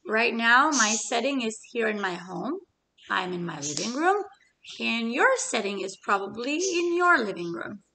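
A woman teacher reading a story aloud to children from her living room, slow and expressive. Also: on the high side, a crowd in the background, rough recording. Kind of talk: read-aloud lesson for children.

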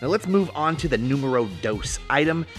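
Young guy goofing around reviewing husky gear, kinda high voice, music in the back. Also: lively intonation, a little fast. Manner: goofy, playful, does silly voices. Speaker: vlogger. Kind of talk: jokey pet-product review.

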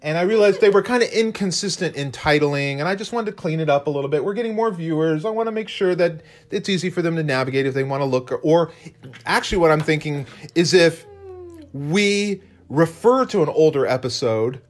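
A man with a slightly high, brisk voice co-hosts a live painting stream as an illustrator. While he works, he chats casually, rambling and poking fun at himself.

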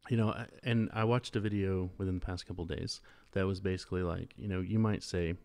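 A man's voice: low voice, fairly even intonation, a little fast, vocal fry, a little mellow. A man hosting a casual podcast, talking frankly and joking loosely. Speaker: podcast host.

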